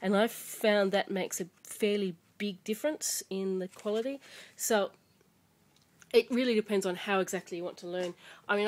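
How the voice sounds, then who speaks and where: A woman, a native English speaker, casually showing children's books at home to a camera mic, chatty and rambling with many fillers and restarts. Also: fairly low pitch. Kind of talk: casual show-and-tell chat.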